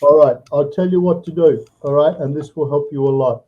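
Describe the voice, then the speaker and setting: An online English tutor with a slightly high voice speaks briskly over a video call, walking a student through advice step by step. He often checks in with "all right," and the sound is phone-quality.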